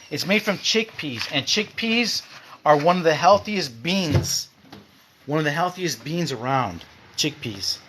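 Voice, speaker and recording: A man's voice: on the high side, noisy background. A man in his forties hosting a casual livestream, loose and candid, swearing and reading out viewer comments. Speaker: livestream host.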